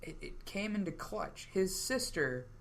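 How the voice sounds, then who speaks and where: A man's voice: high-pitched, very animated, a little slow, gravelly, fairly bright tone. Chatty young male podcast host. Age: young adult. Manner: chatty storyteller, laughs between lines. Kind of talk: casual podcast chat.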